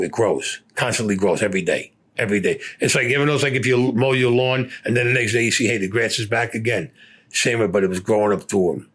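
An older man, a war veteran, recounting his combat memories in a blunt, profane storytelling way. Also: fairly low pitch.

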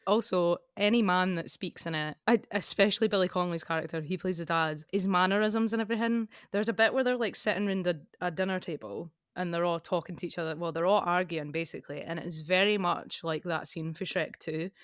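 A young woman, co-hosting a podcast in casual chat, laughing often between quick asides. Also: fairly low pitch, smooth, no echo, clean studio sound. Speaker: podcast co-host.

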